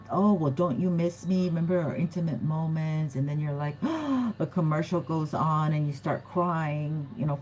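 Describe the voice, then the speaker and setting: Chatty lower-voiced woman reading tarot. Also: a little hiss or hum, rough recording. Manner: chatty, giggly, acts out quoted voices. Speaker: tarot reader. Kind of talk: casual tarot reading to viewers.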